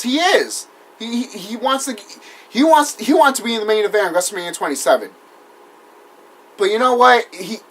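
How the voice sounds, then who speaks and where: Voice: mid-range voice, a bit bright, husky. A wrestling vlogger ranting in casual talk, heated and profane, rambling with restarts and apologizing after outbursts. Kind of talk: casual vlog rant.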